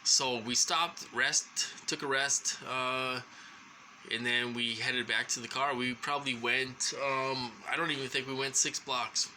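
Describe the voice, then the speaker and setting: Halting man with a very bright voice. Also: mid-range voice, steady tone, a little hiss or hum, low-quality recording. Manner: halting, full of ums and restarts. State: short of breath at times. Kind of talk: rambling personal monologue.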